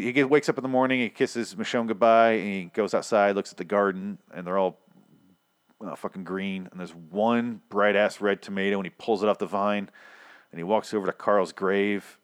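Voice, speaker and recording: A man's voice: lowish voice, no room sound, clean studio sound. A man giving a casual, rambling recap of a TV episode, sarcastic and profane, often stammering as he restarts sentences. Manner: rambling and sarcastic, heavy swearing; stammers, repeating words as he restarts.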